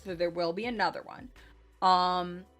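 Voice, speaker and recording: A woman's voice: lowish voice, fairly even intonation, normal speed, a bit bright, soft background music. A woman game master giving a chatty recap of a tabletop game session, full of "like" and "um", gushing over what happened. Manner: chatty, filler-heavy with frequent "like" and "um".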